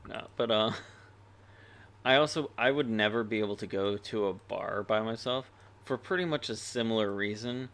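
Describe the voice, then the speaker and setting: A man in his twenties co-hosts a podcast in casual chat, his voice pitched a little low. He rambles, mocks himself and jumps to loud bursts when he jokes. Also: normal speed. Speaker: podcast co-host.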